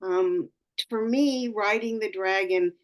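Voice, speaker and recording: A woman's voice: medium pitch, slow. A woman astrologer giving an earnest, spiritual talk on a community call, searching for words and often restarting her phrases.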